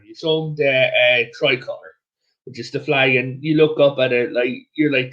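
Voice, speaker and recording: A man guest chatting casually about history, telling his stories in an animated way with chatty asides. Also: mid-range voice, normal speed. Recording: muffled lo-fi audio.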